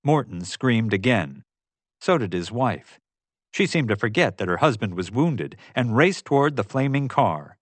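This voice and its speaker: Man narrating a story in a lively voice. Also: medium pitch, measured pace, no echo. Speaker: audiobook narrator. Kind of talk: scripted narration.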